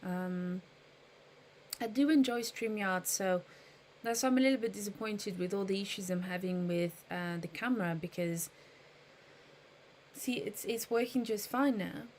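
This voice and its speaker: A woman's voice: mid-range voice, measured pace, pauses often, a little mellow, a little hiss or hum. A woman live streaming in casual chat, thinking aloud and patiently explaining trading to her viewers.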